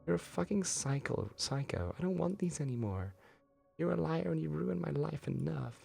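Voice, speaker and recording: A man's voice: fairly low pitch, expressive, moderate pace, creaky, breathy edge, faint music behind, pitched above the performer's own voice, full character voice. A man voicing a volatile young woman who shrilly pleads and then accuses, reading a visual novel game aloud. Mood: furious.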